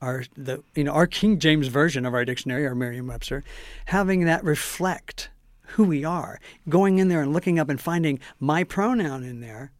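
A man's voice: fairly high pitch, normal speed, no room sound, studio quality. A man co-hosting a talk show, chatting casually and often restarting his phrases. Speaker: co-host.

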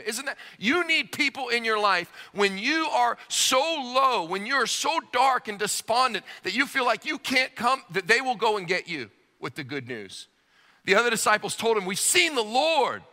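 A man preaching a sermon as pastor, animated and emphatic, acting out the voices he quotes. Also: high-pitched, in a large hall.

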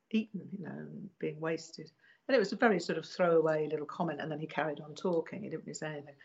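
A woman being interviewed, recalling past events in a hesitant, casual way with many pauses and restarts. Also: on the low side, dull audio.

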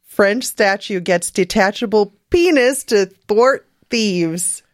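A woman's voice: medium pitch, lively intonation, slow pace, dry recording, studio quality. A woman co-hosting a comedy show, reading news stories plainly and adding wry comments. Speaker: co-host.

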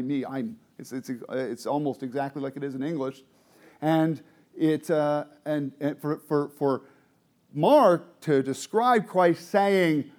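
A man's voice: fairly high pitch, darkish tone. A man teaching a Bible study to a group, explaining the text and asking the group questions.

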